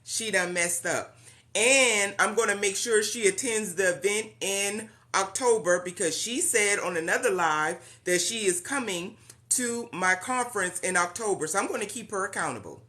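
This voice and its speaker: Bright-voiced woman hosting a live stream. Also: medium pitch, normal speed. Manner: warm and chatty, greets viewers by name; uses Southern-style "y'all". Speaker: host of a live-stream blessing meeting. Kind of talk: casual live-stream greeting viewers.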